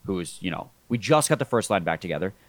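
A congested man with a head cold, hosting a sports podcast in a relaxed, rambling way that often restarts mid-sentence. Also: low voice, fast, no echo. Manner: relaxed, rambling, self-correcting. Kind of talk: casual sports podcast chat.

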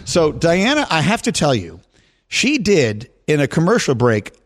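Male sports talk host, animated and teasing, high and bouncy voice. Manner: animated, quick to laugh and tease.

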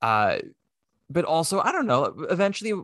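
A man's voice: fairly high pitch, very animated, normal speed, a bit bright, dry recording, clean studio sound. A man hosting a theatre podcast in casual chat, wry, opinionated and teasing. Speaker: podcast host.

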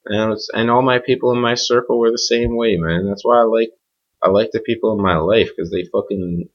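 Deep-voiced man ranting profanely. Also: fairly even intonation, a little fast. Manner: profane, blunt, rambling. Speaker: podcast host. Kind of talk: unscripted solo rant. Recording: dull lo-fi home recording.

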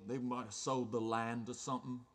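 A man's voice: mid-range voice, little pitch movement, moderate pace, close to an everyday voice. A man playing an eager, rambling old circus ghost in an improvised comedy scene. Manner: hesitant, rambling with many ums.

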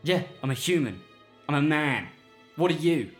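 A man's voice: on the high side, expressive, normal speed, faint music behind, close to an everyday voice. A man playing a blunt, swearing human hunter who threatens strangers. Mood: hostile. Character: gruff hostile human hunter, father a shepherd.

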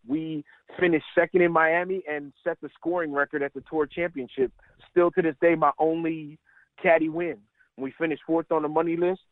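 Man, middle-aged, high pitch, animated storyteller, laughs a lot, radio interview guest, tinny phone line. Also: dry recording. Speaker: caddie and stand-up comedian guest.

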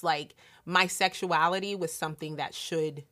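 A young woman from Delaware in casual conversation, reflective and quick to laugh. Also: low voice, animated, a bit bright.

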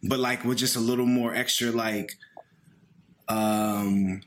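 A man's voice: on the low side, fairly even intonation, slow. A man, co-hosting a podcast in blunt, profane casual chat. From Philadelphia. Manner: blunt, profane, hesitant with fillers. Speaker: podcast co-host.

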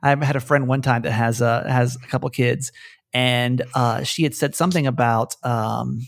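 A male podcast host talks casually with his mother, rambling and often stopping to restart a thought. His voice has a gravelly edge, and the sound is dry and close. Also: medium pitch, fairly even intonation, moderate pace, dry recording. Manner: chatty, laughing, restarts sentences. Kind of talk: casual chat.

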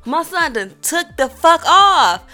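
A woman telling a personal story in a casual vlog, animated and profane, acting out the other people in it. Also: very high voice, slow, faint music behind. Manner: animated, profane, acts out voices in her story.

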